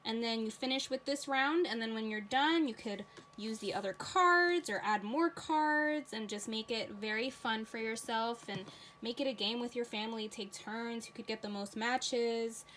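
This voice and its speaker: Female teacher, fairly high voice, patient child-directed read-aloud and game instructions. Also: moderate pace, fairly bright tone, a little hiss or hum, poor audio.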